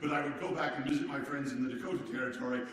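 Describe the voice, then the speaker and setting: A man's voice: mid-range voice, steady tone, racing, fairly bright tone, natural voice. An actor playing a hearty, boisterous old-time American president, speaking theatrically and exclamatorily straight to the audience in a live one-man stage show. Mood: genial. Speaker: stage performer. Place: performance hall before a seated audience. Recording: echoey hall, voice picked up from far off.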